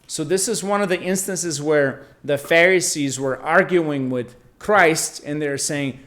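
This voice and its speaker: Slow, higher-voiced man teaching scripture. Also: fairly bright tone. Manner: reads verses aloud, then explains casually with frequent "right?". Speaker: Bible teacher. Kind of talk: scripture reading and explanation.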